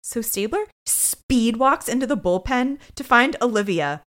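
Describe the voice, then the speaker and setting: Woman, podcast co-host, casual recap chat, jokey, very lively pitch. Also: measured pace. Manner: lively, jokey retelling with quoted asides.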